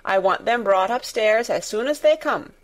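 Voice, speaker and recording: A woman's voice: fairly high pitch, lively intonation, normal speed, close to an everyday voice. A woman reading a storybook aloud and voicing a sickly, imperious young boy who gives orders in a lordly way. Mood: commanding. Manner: lordly, commanding.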